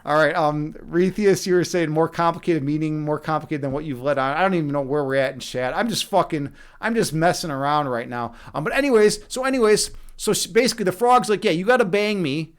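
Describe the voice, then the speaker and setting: A man's voice: a little high, lively intonation, brisk, few pauses, clean tone. A man chatting casually on a live stream as host, rambling and swearing freely, often checking in with "right?". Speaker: streamer, chess instructor and meditation guide.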